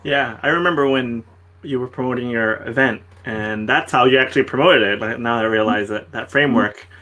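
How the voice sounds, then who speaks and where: A man's voice: medium pitch, brisk, bright, forceful tone, a little hiss or hum. A man hosting an interview, asking brief, plain questions and reading out a viewer's question. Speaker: host.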